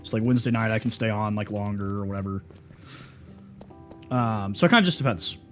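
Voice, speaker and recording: A man's voice: on the low side, brisk, a bit bright, soft background music. A young man from Texas streaming a game, chatting casually and answering his chat, calling people dude and brother. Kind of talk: casual livestream chat while gaming.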